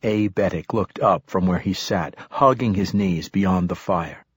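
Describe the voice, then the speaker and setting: A man narrating a first-person novel in a measured, reflective way. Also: deep voice, husky, no room sound, clean studio sound. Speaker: audiobook narrator.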